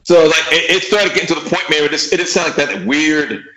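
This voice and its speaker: A man's voice: a little high, fairly even intonation, fairly quick, bright, forceful tone. A man who plays drums, chatting casually in a podcast. He swears freely, repeats his words and acts out what he once said. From Austin, Texas. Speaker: guest drummer. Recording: echoey room.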